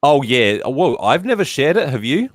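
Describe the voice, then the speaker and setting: A man's voice: medium pitch, big pitch swings, normal speed, dry recording, studio quality. An Australian man hosting a casual live-stream chat, talkative and often laughing. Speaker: host.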